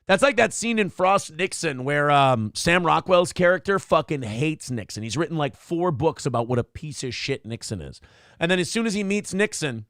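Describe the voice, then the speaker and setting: A man's voice: on the high side, expressive, moderate pace, fairly bright tone, no room sound, studio quality. A man hosting a morning show, riffing crudely and comically in casual rambling chat. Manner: crude, joking, rambling storyteller.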